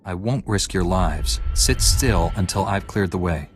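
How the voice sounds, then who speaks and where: A man voicing a calm, measured Jedi Knight in a game cutscene. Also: low-pitched. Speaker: player character, a Jedi Knight. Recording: game audio with loud music behind.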